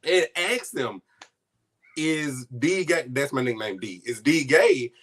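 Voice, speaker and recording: Speaking slowly in a medium-pitched voice, a man tells an interviewer a story from his own life. He is heartfelt and sometimes on the verge of tears, his voice catching. He animates the account by voicing the other people in it.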